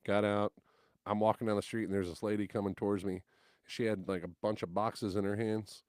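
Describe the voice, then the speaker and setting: A man's voice: on the low side, no room sound, studio quality. A man, a guest musician on a podcast, telling stories in casual chat and acting out the people he quotes. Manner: animated, acts out quotes loudly.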